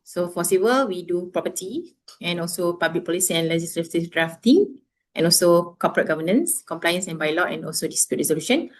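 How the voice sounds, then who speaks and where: Woman, lawyer presenting, hesitant, lots of fillers, slightly low voice, video call. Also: animated, brisk. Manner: hesitant, many fillers and restarts. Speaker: lawyer and law firm founder. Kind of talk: self-introduction and presentation at an online club meeting.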